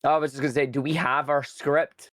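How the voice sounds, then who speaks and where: A man playing in a tabletop game, chatting casually in a hesitant, halting way. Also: a little high, level tone, a bit bright, no echo. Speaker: player. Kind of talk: casual chat.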